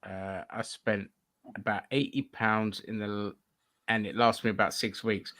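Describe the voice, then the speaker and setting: A man's voice: lowish voice, level tone, measured pace, fairly bright tone, dry recording, clean studio sound. A man from London in casual stream chat, teasing others and mimicking voices.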